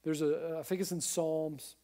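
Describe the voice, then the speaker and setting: A male pastor preaching a sermon in an earnest, emphatic way, speaking straight to listeners at home and swinging between quiet and loud. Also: a little high, little pitch movement, measured pace. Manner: addresses listeners at home directly.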